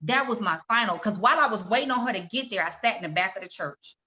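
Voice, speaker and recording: Bright-voiced woman telling her story. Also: medium pitch, quick pace. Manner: animated, acts out quoted voices. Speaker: guest. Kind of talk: personal storytelling in conversation.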